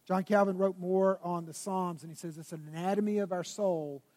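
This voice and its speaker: A male pastor preaches with a high, bright-edged voice that rises into loud bursts and drops to near whispers. His words ring out with a long reverb through a church sanctuary. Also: fairly even intonation, moderate pace. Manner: dynamic preaching, swinging between loud bursts and hushed tones. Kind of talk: sermon.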